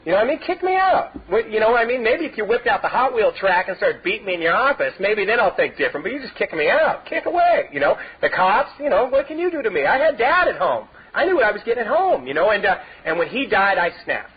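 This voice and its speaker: High-voiced man rambling through his story. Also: very animated, quick pace, hardly any pauses, husky. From Southern California. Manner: rambling storyteller, many "you know" fillers, laughs through his own stories. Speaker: recovery meeting speaker. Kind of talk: personal testimony talk. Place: meeting hall. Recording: dull lo-fi tape recording.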